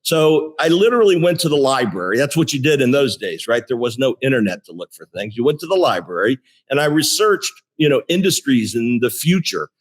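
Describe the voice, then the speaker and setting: A man in his sixties, a company CEO, telling career stories in a relaxed interview, with frequent restarts and fillers. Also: medium pitch, a little fast. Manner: animated storyteller with many restarts. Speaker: guest, tech company CEO. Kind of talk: casual interview storytelling.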